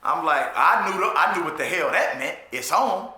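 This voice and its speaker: Speaking fairly quickly at a fairly high pitch, a man tells a personal story about being in jail. He uses profane street slang, often asks "you know what I'm saying," and restarts and repeats himself in this animated, casual monologue recorded in an echoey room.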